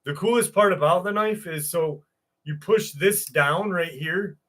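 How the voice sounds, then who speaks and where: A man's voice: sits high, unhurried, fairly bright tone. A man hosting a casual livestream, chatting loosely with viewers and cursing freely. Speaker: livestream host.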